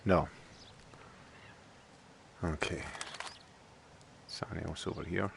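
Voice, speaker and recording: A man's voice: low voice, steady tone, takes it slowly, vocal fry, noisy background. A man streaming a game, thinking aloud and joking as he plays. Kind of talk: casual let's play commentary.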